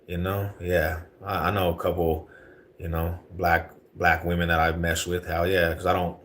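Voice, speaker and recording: Deep voiced dude on a live stream, slangy and laid back, gets worked up ranting. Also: male voice, flat delivery, moderate pace, a bit bright, a little hiss or hum. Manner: laid-back slangy talk, rising to heated rants. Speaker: livestream host. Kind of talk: casual livestream chat reading viewer comments.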